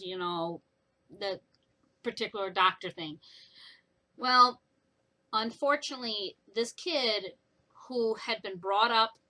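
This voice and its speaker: A young woman casually retelling a book's plot in a chatty, animated way for her vlog. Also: mid-range voice, poor audio. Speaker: book reviewer. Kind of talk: casual book review vlog.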